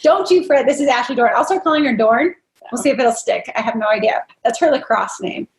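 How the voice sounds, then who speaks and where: A woman's voice: on the high side, lively intonation, fairly quick, roomy sound, slight background noise. A woman trainer leading an interactive online workshop, upbeat and coaxing as she quizzes her audience. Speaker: dental practice trainer leading a live workshop.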